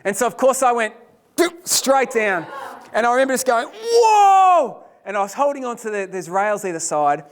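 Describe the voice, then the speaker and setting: A man giving a lecture, telling a personal story in an animated, self-deprecating way. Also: sits high, brisk.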